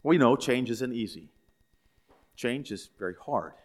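A man's voice: medium pitch, lively intonation, unhurried. A man pastor giving a sermon in a conversational storytelling way, asking the listeners questions. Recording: echoey hall.

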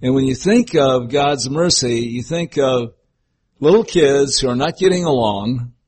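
Husky older male preacher. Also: medium pitch, a little slow, a little mellow. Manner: folksy, storytelling, breaks into acted voices. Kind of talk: sermon.

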